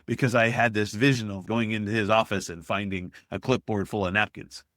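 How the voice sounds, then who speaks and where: A man's voice: on the low side, a little fast, dry recording, clean studio sound. A man, a restaurant consultant guest on a podcast, telling stories conversationally and acting out the people he quotes. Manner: animated, acts out quoted people. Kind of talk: conversational storytelling.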